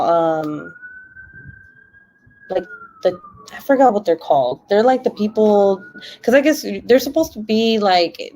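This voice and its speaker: A woman's voice: medium pitch, a little mellow. A young woman live streaming, telling a long story in a casual, rambling way while reading the comments. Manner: chatty, rambling, heavy use of "like".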